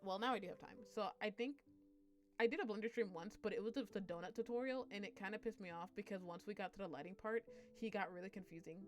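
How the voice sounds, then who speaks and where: A woman's voice: medium pitch, fast talker, faint music behind. A young woman streamer chatting casually on a live stream, rambling, swearing and laughing as she talks.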